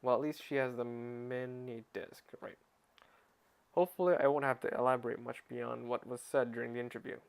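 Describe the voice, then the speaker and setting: A man at home reads a novel aloud as a parody audiobook, in a middle-pitched voice. He trips over words and restarts them, and breaks off into sarcastic, fed-up comments on the text. The delivery is casual and unpolished. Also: steady tone, fairly quick, creaky. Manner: sarcastic, interrupts reading with exasperated comments; stumbles and restarts words while reading. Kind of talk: mock audiobook reading with asides.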